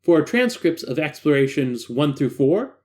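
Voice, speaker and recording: A man's voice: on the high side, very animated, unhurried, a little mellow. A man hosting a reading of a horror file, mixing narration with chatty, self-deprecating asides. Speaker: host reading stories aloud.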